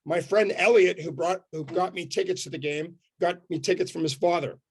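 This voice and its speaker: A man from Canada giving an energetic motivational talk on a video call, telling a story in punchy short sentences. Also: high voice, brisk, gravelly, slightly rough. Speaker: motivational speaker.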